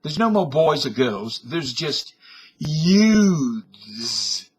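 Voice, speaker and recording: Brief: man in his 50s or 60s, webcam vlog at home, slow and folksy, fairly high husky voice. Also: sing-song, fairly bright tone. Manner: folksy and digressive, with frequent self-corrections. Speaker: vlogger. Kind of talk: rambling casual monologue.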